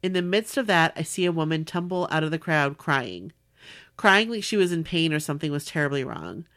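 A woman podcast host in casual chat, reading a listener's letter aloud with animated warmth. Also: sits low, fairly quick. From Southern California. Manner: warm, animated reading with laughs.

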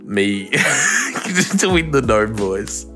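A man's voice: mid-range voice, big pitch swings, very slow, music in the background. A young Australian man co-hosting a podcast in casual chat, joking around and swearing freely into a home mic. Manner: playful, jokey, swearing freely. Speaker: podcast co-host. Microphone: home podcast mic over a call.

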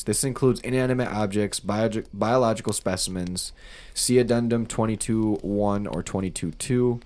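A man's voice: fairly low pitch, darkish tone. A man reading a creepy document aloud in a casual, joking co-host style, swearing freely.

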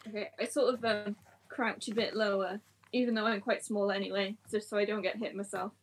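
Soft-spoken woman at the game table. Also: mid-range voice, level tone, fairly quick, a little hiss or hum. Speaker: player. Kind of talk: casual tabletop game play.

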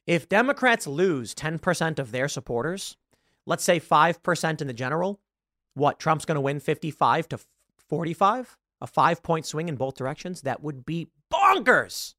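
A male host runs a political commentary monologue in an emphatic, argumentative way. His voice sits on the higher side and moves a lot in pitch. The sound is close and dry, with no room around it. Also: sing-song, normal speed, pushed and bright, no room sound. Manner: emphatic, argumentative, self-correcting.

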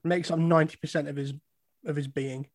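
A man's voice: on the high side, fairly even intonation, fairly quick, darkish tone, dry recording, studio quality. A man co-hosting a casual football podcast, blunt and opinionated with a wry edge. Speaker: podcast co-host.

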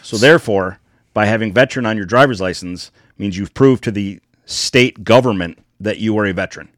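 A man's voice: on the low side, no echo, clean studio sound. A man hosting a casual chat, reacting briefly and summing up the guest's story. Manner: relaxed, quick short reactions, sums things up.

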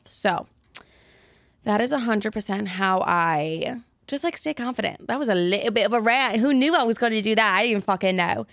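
A woman's voice: medium pitch, vocal fry, no echo, studio quality. A woman in her twenties chatting candidly as a podcast host, blunt and rambling, swearing freely. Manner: blunt, swears freely, rambling self-talk with loud asides. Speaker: podcast host answering listener questions. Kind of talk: casual candid chat.

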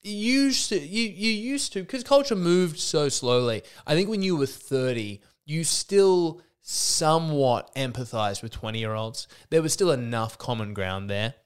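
This thirties podcast host, slightly sick, delivers a comedic solo rant full of exasperated sarcasm and frequent restarts. His fairly high voice is animated and unhurried, with hardly any pauses and a clear, resonant tone.

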